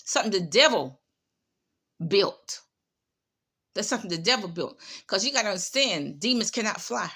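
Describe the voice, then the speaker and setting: A woman talks through her commentary in a bright, forceful voice. She is sarcastic and scolding, hammering her points home by saying them twice. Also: medium pitch, expressive, moderate pace, pauses often, husky. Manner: sarcastic, scolding, repeats herself. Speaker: commentator on online prophets. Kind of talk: casual commentary.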